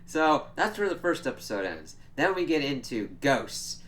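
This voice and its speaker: A man's voice: medium pitch, big pitch swings, normal speed, fairly bright tone. A man giving a casual, chatty spoiler recap of a TV episode, swearing freely and laughing as he retells scenes. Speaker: show reviewer.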